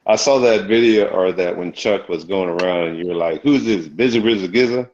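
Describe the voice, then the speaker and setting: A man with a very low voice chats as a guest in an online group call. He is easygoing and often corrects himself mid-sentence. His audio comes through dull and lo-fi. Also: a little fast, a little mellow, slight background noise. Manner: easygoing, self-correcting, laughs. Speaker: guest on a live chat. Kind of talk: casual group chat.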